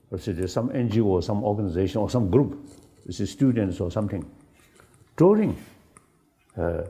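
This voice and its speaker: An older man who is not an English speaker, talking in a halting, searching way with many fillers and ready laughs. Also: deep voice. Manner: laughs easily, animated. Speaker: spiritual leader in dialogue. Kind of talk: unscripted dialogue.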